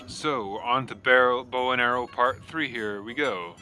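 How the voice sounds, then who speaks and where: A man giving casual, excitable gameplay commentary with many fillers. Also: mid-range voice, unhurried. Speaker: gameplay video creator. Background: loud game music.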